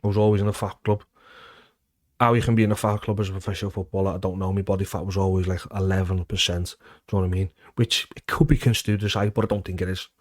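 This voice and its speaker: Animated low-voiced man telling football stories. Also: racing, no room sound. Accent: Liverpool. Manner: animated, swears freely, acts out quotes loudly. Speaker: former footballer, guest. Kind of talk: casual storytelling interview.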